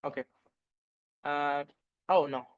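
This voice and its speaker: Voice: medium pitch, fairly even intonation, slow pace. Teacher doing an online english vowel lesson, spells out words, lots of ums, kinda muffled audio. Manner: spells words letter by letter, many fillers. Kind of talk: online lecture.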